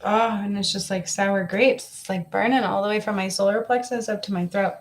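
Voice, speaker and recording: A woman's voice: mid-range voice, steady tone, a little fast, slight background noise. A woman giving a live psychic reading to a viewer, talking in a coaxing, repetitive way and circling back over the same phrases. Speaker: psychic reader.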